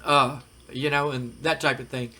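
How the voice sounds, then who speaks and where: Bright-voiced man rambling over a game. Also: medium pitch, fairly even intonation, moderate pace. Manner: chatty, rambling, frequent fillers. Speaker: host. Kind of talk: casual gaming commentary.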